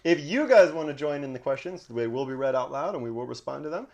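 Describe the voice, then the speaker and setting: A man co-hosting a casual podcast, running a movie trivia game with lively banter and frequent laughter. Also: mid-range voice, fast talker, lo-fi sound, noisy background. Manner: animated, laughs often, calls his co-host "Twin". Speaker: podcast co-host.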